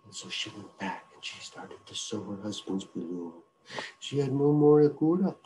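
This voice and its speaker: A man's voice: on the low side, big pitch swings, a little slow, long pauses, darkish tone, slight background noise, rough recording. A man telling a traditional folk tale in a loose, repetitive, conversational style. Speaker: storyteller. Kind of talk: oral traditional storytelling.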